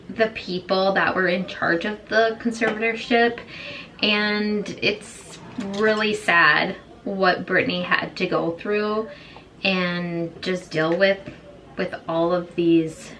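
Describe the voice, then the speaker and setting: A woman's voice: mid-range voice, sharp tone. A young woman chatting casually while doing her makeup, retelling a story and acting out the quoted lines. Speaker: beauty vlogger. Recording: slightly distant with faint room noise.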